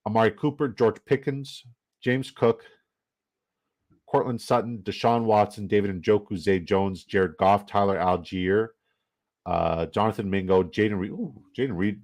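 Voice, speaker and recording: A man's voice: on the low side, measured pace, a little mellow. A man from Canada, giving loose, jokey commentary and swearing casually while running down a fantasy football draft.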